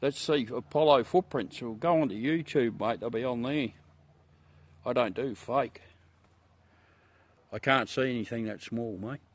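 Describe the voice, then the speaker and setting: A man's voice: mid-range voice, unhurried, pauses often. A middle-aged Australian man casually chatting with viewers on a livestream, joking, swearing and laughing often as he shows the moon through a telescope. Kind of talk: casual live chat with viewers.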